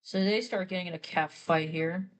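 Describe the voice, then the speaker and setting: A woman's voice: lowish voice, steady tone, normal speed, rough recording. A young woman artist chatting casually while drawing on stream, rambling through a story with lots of fillers.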